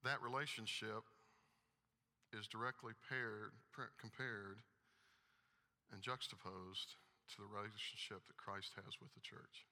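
A man's voice: on the low side, fairly even intonation, unhurried, sharp tone. A man preaching a sermon, emphatic as he reads scripture aloud in a church hall. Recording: long hall reverb.

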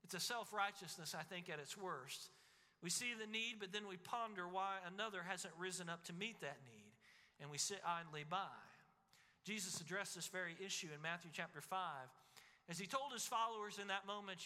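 A man's voice: high voice, normal speed, sharp tone. A man preaching a sermon as pastor, with emphatic repeated phrases that rise and fall. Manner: preaching with emphatic repetition, rising and falling. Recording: long hall reverb.

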